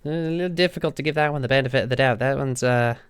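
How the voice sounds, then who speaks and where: A woman's voice: rumbling low, quick pace, clear, resonant tone. A woman streamer telling a story to her chat in a casual, sweary way, laughing often. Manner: animated, sweary, frequent laughs.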